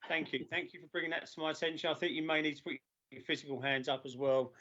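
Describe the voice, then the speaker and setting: A man chairing a formal council meeting over a video call, halting with many filler sounds and losing his voice. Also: fairly high pitch, flat delivery, bright, forceful tone. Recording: dull lo-fi video call audio.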